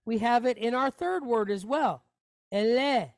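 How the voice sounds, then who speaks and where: A man's voice: extremely high pitch, expressive, unhurried, no echo. A man teaching a Hebrew reading lesson online, patiently spelling out letters and vowels with jokey asides. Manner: patient, explains step by step with asides.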